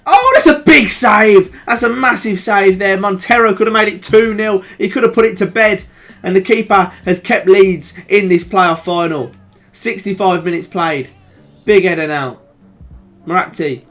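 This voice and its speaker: A young man with a Birmingham accent talks his viewers through a football video game in a high, bright voice. He shifts from easy chat to loud, excited shouts when a chance comes. Faint game music plays under his voice. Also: normal speed. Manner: excitable, swings from calm chat to shouting at goals. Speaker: gaming YouTuber. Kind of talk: live commentary over a football video game.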